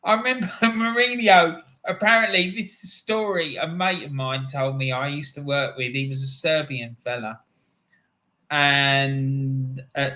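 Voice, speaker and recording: A man's voice: medium pitch, bright, forceful tone. A middle-aged man hosting a live football stream, chatting casually, rambling through anecdotes and laughing often.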